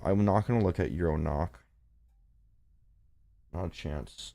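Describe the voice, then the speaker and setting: A man's voice: low-pitched, animated, a little slow, gravelly, long pauses, a little mellow. A man hosting a casual trading livestream, rambling and swearing as he reads charts and shoos his cat. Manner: rambling, profane, talks to his cat and chat. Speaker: forex trading livestream host. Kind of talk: casual live-stream commentary.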